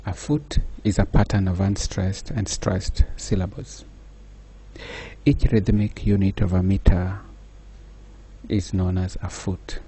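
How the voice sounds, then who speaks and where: A man giving a slow, measured lecture, pausing often with fillers. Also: low-pitched, fairly even intonation, dark tone, slightly rough. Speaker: teacher. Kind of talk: recorded lecture.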